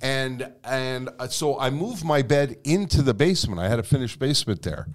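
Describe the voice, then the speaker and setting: A man telling a long anecdote as a guest in a conversation, animated and freely swearing. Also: medium pitch, normal speed. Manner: animated, profane storytelling. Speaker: guest storyteller.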